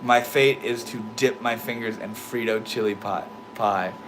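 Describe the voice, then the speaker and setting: A man's voice: lowish voice, fairly even intonation, unhurried, noisy background. A young man with a slight lisp, talking casually to his livestream chat, laid-back and swearing freely. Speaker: livestream host reading chat.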